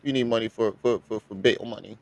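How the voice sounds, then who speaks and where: A man's voice: on the low side, quick pace, gravelly, darkish tone. A man hosting a livestream, reacting to clips with casual commentary, laughing often and talking profanely. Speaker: livestream host.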